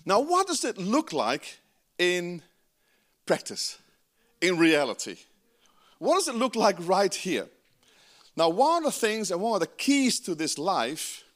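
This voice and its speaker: A man's voice: high-pitched, fairly bright tone. A man from the Netherlands with a Dutch accent, preaching a sermon with emphatic, conversational asides. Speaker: pastor.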